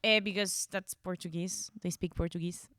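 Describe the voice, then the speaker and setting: A woman's voice: lowish voice, fairly even intonation, a bit bright, no echo, clean studio sound. A woman co-hosting a comedy podcast, chatting casually and laughing easily. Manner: chatty, giggly, quick to laugh.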